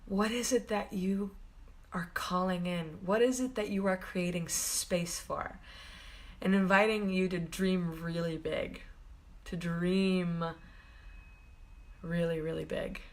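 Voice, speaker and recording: Speaking slowly with fairly even intonation, this woman has a lowish voice. She's a spiritual coach on a live stream, and her talk to viewers is affectionate and gushing, loose and rambling, full of fillers and frequent laughter.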